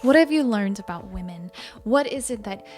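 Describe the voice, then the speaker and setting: A woman's voice: medium pitch, animated, moderate pace, a little mellow. Woman, co-host, playful, teasing, casual couple chat, faint music behind. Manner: playful and teasing, given to dramatic asides.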